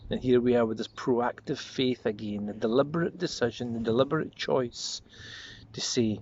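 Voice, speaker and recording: Male pastor, earnest devotional tone, reflective refrains, slightly muffled recording with faint hiss. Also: mid-range voice. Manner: earnest, slows and softens on repeated refrains. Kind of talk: devotional sermon. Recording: slightly dull lo-fi audio with faint noise.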